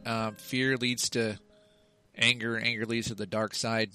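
A man co-hosting a loose comedy podcast, his tone bright and forceful. He rants, swears and wanders into asides. Faint music hums underneath. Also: mid-range voice, level tone. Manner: ranting, profane, quick asides. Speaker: podcast co-host. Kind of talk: casual comedy chat.

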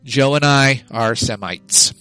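A man's voice: medium pitch, slow pace, bright, forceful tone, smooth, no echo, faint music behind, low-quality recording. Wry man telling a story. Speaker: podcast host. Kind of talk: casual podcast banter.

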